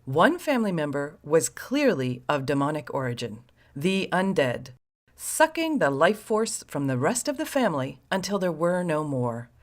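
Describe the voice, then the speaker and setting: A woman's voice: low voice, big pitch swings, normal speed. A woman host narrating a scripted story with sardonic, wry asides to the listener.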